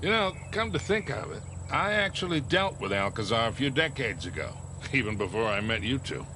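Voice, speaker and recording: A man's voice: medium pitch, big pitch swings, normal speed, background noise, natural voice. An actor playing an older male smuggler with a dry, clipped manner in video game cutscene dialogue.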